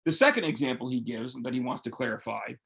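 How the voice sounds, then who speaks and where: A man's voice: medium pitch, expressive, fast talker, creaky, a bit bright, slightly rough. A man leading a live online Bible study, talking in an earnest, emotional way with frequent restarts and self-corrections. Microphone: webcam or computer mic for live stream.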